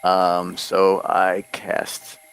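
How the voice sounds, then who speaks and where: A man's voice: sits low, monotone, drawn-out words, gravelly, fairly bright tone, clean tone, soft background music. A man playing a tabletop game, describing his character's actions in first person in casual chat. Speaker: player.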